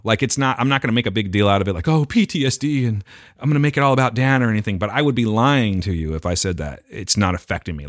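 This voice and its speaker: Animated, profane man telling a story. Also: on the low side, no room sound, clean studio sound. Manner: profane, animated retelling with put-on quotes. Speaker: podcast co-host. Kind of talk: casual storytelling chat.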